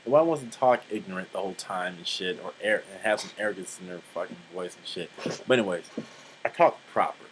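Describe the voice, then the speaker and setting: A young man in his twenties rambles through a casual vlog monologue with a lowish voice. He talks bluntly, swears freely, and fills the gaps with "like" and "um". A faint hiss of noise sits behind him. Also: fast talker, poor audio. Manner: rambling, blunt and profane, many fillers. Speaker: vlogger.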